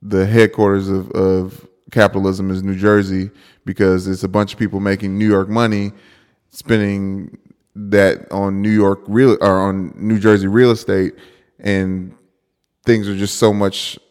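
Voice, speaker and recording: Chatty low-voiced man, reverberant room. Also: little pitch movement, a little mellow, clear, resonant tone. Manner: quick chatty riffing with pop-culture asides. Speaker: podcast co-host. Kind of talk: casual chat.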